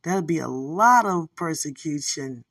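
A woman doing a gentle young female angel, her voice lifted higher and fuller than her own. She speaks calmly and peacefully, slightly husky, a little away from the mic in a dry room. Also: a little slow, dry recording, distant mic, full character voice. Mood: gentle reassuring. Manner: soft, calm and peaceful.

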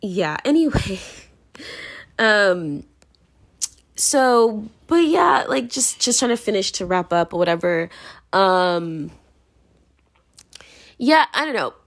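A woman's voice: medium pitch, expressive, takes it slowly, long pauses. A young adult woman hosting a casual podcast monologue, rambling and filler-heavy, laughing often while moving around indoors. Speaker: podcast host.

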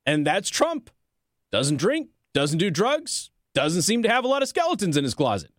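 A man with a slightly higher voice runs a political commentary show. He reads news passages aloud, then cuts in with biting, combative remarks. The recording is dry and close, with no room sound. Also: huge pitch swings, normal speed, dry recording. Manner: sarcastic, combative asides between read passages.

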